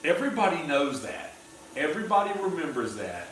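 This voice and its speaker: A man's voice: a little high, very animated, fairly quick, a bit bright, far from the mic. A man hosting a cooking livestream, chatting casually in a rambling, opinionated way and swearing freely. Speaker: streamer host. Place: indoor kitchen. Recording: roomy, off-mic, faint background hum.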